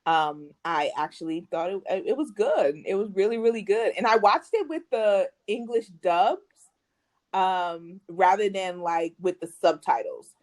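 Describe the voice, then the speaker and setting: An American woman co-hosts in an easygoing, conversational way. Her voice sits at a middle pitch, and her tone stays relaxed throughout. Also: measured pace. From United States. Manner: relaxed and easygoing, often laughing. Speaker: podcast co-host. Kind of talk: casual chat.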